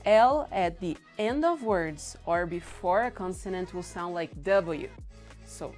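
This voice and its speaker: A young Brazilian woman with a Brazilian accent, teaching a language lesson and slowly repeating example words. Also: lowish voice, darkish tone, soft background music. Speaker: Portuguese teacher.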